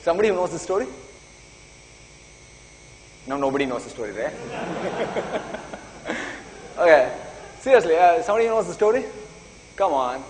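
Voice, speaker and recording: A man's voice: on the high side, very animated, moderate pace, long pauses. A man giving a live conference talk, eager and urging the audience, calling for applause. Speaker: conference speaker. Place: conference hall. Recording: reverberant conference hall, faint noise.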